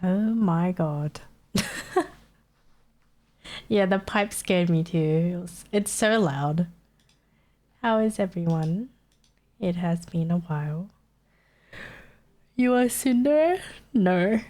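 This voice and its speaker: A woman's voice: on the low side, a little mellow. A young woman streamer with a stuffy nose and sore throat, chatting casually and answering her chat. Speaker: live streamer.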